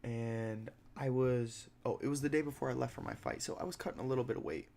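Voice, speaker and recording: Gravelly young man telling a story. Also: mid-range voice, quick pace, slight background noise. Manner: animated, profane storytelling, acting out other people's lines. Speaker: podcast host; mixed martial arts fighter. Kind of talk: casual storytelling.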